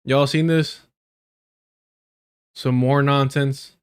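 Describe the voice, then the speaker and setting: A man's voice: mid-range voice, fairly even intonation, drawn-out words, clean tone. A man hosting a live stream, giving blunt, profane and emphatic casual commentary while reacting to clips.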